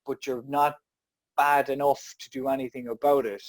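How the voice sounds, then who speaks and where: Man guest, mid voice, lively and jokey, dry close mic. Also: mid-range voice, moderate pace, no echo. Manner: animated, jokey, exasperated asides. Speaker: podcast guest, business founder. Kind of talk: casual conversational interview.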